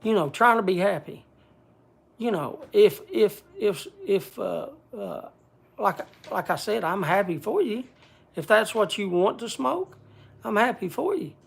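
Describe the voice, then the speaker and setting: A man speaking bluntly to a group in casual talk, halting often and restarting his sentences. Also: high-pitched, very animated, gravelly, breathy edge. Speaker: speaker addressing a group gathering.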